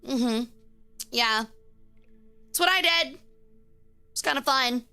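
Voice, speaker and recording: Woman streamer, high bright voice, playful cursing banter, faint music behind. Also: slow, smooth. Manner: playful, profane banter, teasing chat. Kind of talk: casual live-stream chat with viewers.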